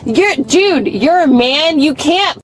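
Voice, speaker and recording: Woman, 30s, high voice, slow drawl, belligerent and swearing, on bodycam from a police car. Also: lively intonation, low-quality recording. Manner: belligerent, swearing, repeats herself. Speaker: arrested driver. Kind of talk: heated argument on bodycam. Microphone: police body camera.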